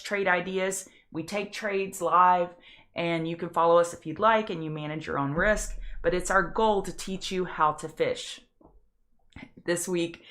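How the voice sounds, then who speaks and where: A woman's voice: fairly low pitch, a bit bright. A woman hosting a live stock market prep show, chatty and easily emotional as she walks through charts. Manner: chatty, emotional, quick to tear up. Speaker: market analyst host. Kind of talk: live trading show commentary.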